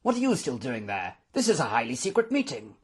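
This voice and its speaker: A man voicing a gruff, commanding old lord. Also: medium pitch, huge pitch swings, fairly quick, voice pushed up. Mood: stern. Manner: gruff, authoritative. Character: stern elderly male lordship, commanding.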